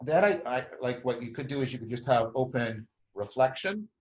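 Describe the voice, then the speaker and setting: A man's voice: mid-range voice, animated, moderate pace, dull audio. A man hosting a conversation, explaining a group process at length with many restarts and frequent tag questions. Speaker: host.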